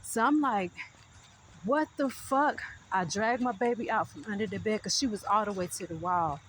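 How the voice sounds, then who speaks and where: A woman telling a story on her vlog in an animated, profane way, with frequent asides to viewers. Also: mid-range voice, a little fast, a little hiss or hum. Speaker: vlogger.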